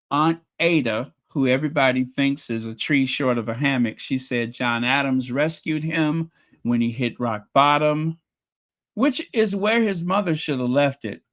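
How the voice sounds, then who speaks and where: A man casually recapping a period drama episode, telling the story with animated asides and playing out the characters' lines. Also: measured pace. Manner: animated storytelling, acts out quotes with rising pitch. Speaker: show reviewer.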